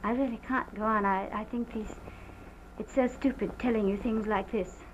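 Distraught young wife, halting and theatrical, played by an actress, dull hissy 1929 film sound. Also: female voice, medium pitch, steady tone, natural voice. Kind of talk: early sound film drama. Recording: dull lo-fi early film soundtrack with faint hiss.

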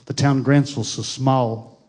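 A middle-aged pastor preaching a Pentecostal sermon, moving from grief to fervent praise. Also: male voice, mid-range voice, steady tone, unhurried, slightly rough. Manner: grieving then rising to fervent shouted praise.

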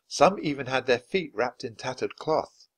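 A man reading a children's storybook aloud for English learners in a clear, steady, measured way. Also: mid-range voice. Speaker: storybook reader.

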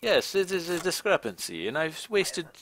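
A man's voice: high-pitched, animated, moderate pace, fairly bright tone, a little hiss or hum. A man streaming a game live, talking to the on-screen travelers in a stiff, formal border-inspector manner. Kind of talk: live gameplay commentary.

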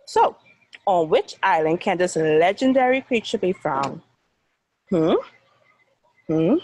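Lively Bahamian woman telling a story. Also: fairly low pitch, slow pace, slight background noise, poor audio. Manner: dramatic, sound effects. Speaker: teacher and storyteller. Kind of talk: storytelling to children.

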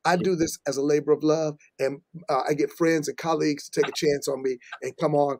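A male host of a live-stream talk show, his fairly high voice close and dry. He talks in a folksy, preacherly way, padding his appeals with fillers and restarts. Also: steady tone, a little fast, darkish tone, no echo.

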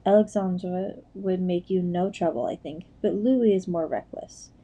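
Worried careful mom, a woman reading her, earnest, low and very mellow. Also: unhurried, lo-fi sound. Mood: anxious. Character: anxious noble mother, careful, firm.

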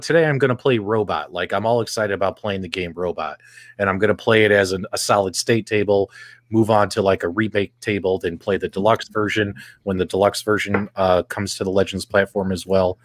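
A man's voice: fairly low pitch, dry recording. A man hosting a gaming podcast, talking animatedly and putting questions to his co-hosts. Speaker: podcast host. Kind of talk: casual podcast chat.

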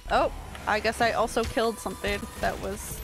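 A woman streamer giving live gameplay commentary, excitable, yelping and talking to herself as she plays. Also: medium pitch, normal speed, gravelly, over music. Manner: excitable, yelps and talks to herself while playing. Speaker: game streamer. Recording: steady background noise.

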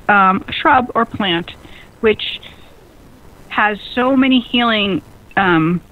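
A woman hosting a radio talk show in an excitable, bubbly way, often laughing at herself. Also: mid-range voice. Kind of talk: casual radio chat. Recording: lo-fi phone-like radio audio.

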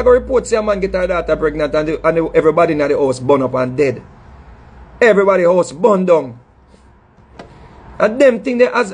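Here a dancehall artist, a middle-aged man with a Jamaican accent, scolds his audience with emphatic passion, circling back on phrases and fumbling words. The voice is high, a little mellow, and husky.

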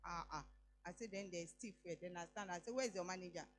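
A middle-aged Nigerian woman preaches a sermon and shares a personal story, dropping Yoruba phrases in along the way. Her voice sits on the low side and moves quickly, and she speaks emphatically, rising in pitch on her declarations.

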